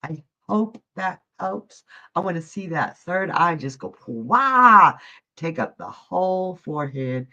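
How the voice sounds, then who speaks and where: A woman's voice: lowish voice, a little slow, a bit bright. Lady psychic chatting live to viewers, calls em honey, kinda muffled stream audio. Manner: chatty, folksy, addresses viewers as honey and love. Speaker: psychic reader hosting a live show.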